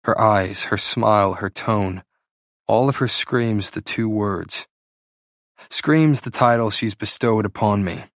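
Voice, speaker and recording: Low dude reading a novel out loud, slow and deliberate, super dry close sound. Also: male voice, dry recording. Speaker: audiobook narrator. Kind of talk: first-person fiction reading.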